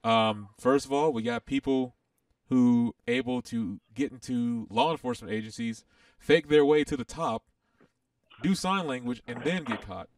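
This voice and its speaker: A man hosting a casual racing game livestream, rambling and animated with lots of fillers. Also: medium pitch, normal speed, gravelly, no room sound. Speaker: livestream host. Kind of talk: casual gaming livestream chat.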